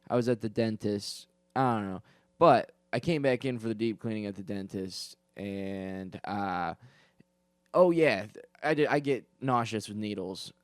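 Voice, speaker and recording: A man's voice: fairly low pitch, dry recording. A young man hosting a comedy podcast, telling rambling, digressive stories full of fillers, restarts, swearing and self-deprecating asides. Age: young adult. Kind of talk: casual comedic storytelling.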